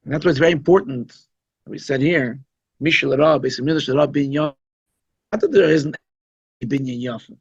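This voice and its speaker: A rabbi gives an informal Chassidic talk at a holiday gathering, conversational and emphatic with plenty of asides. His voice is fairly high with a breathy edge, and he speaks fairly quickly with frequent pauses. The recording is dull and lo-fi, with no echo.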